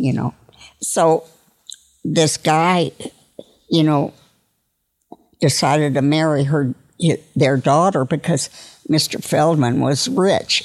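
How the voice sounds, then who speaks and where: A woman in her nineties, a grandmother slowly telling old jokes in a folksy, casual way. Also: low-pitched, a little mellow, no room sound. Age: 90s. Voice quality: creaky. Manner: slow, folksy joke delivery with voiced characters.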